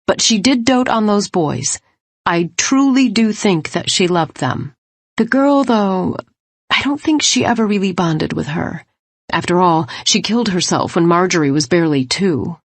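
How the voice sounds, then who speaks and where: A woman's voice: on the low side, animated, a little slow, dry recording. A woman narrating a romance audiobook in the first person, earnest and questioning.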